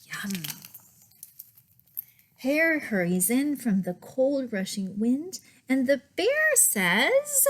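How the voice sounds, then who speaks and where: A woman who works as a children's librarian, reading picture books aloud in a gentle, expressive manner that often drops to a whisper. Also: high-pitched, extremely slow. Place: public library.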